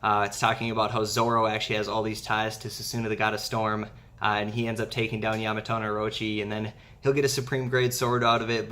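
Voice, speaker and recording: A man's voice: medium pitch, fairly bright tone. A man hosting a casual manga discussion, recapping events in a rambling way and leaning on "essentially" and "yes".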